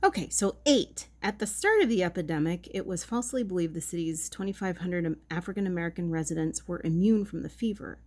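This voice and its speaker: A woman with a fairly low voice reads history aloud and keeps breaking off to make playful asides. She stumbles, corrects herself and comments on what she reads. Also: lively intonation, brisk, few pauses, a little mellow. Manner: playful, self-interrupting, reacts to the text. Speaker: video host.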